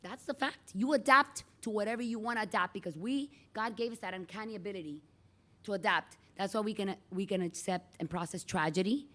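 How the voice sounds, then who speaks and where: A middle-aged woman teacher giving a chatty, animated lecture in a classroom and calling on students by name. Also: medium pitch, brisk.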